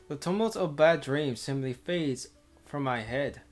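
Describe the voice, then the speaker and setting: A streamer with a mid-range, lively voice reads a visual novel aloud without hurrying, faint music playing behind. She's casual and giggly, stumbling and restarting over words between bits of chat.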